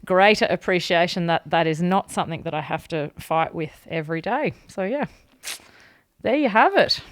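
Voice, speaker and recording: A woman's voice: on the low side, expressive, moderate pace, dry recording, clean studio sound. A young adult woman, co-hosting a podcast in a candid, casual chat, laughing often. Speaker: podcast co-host.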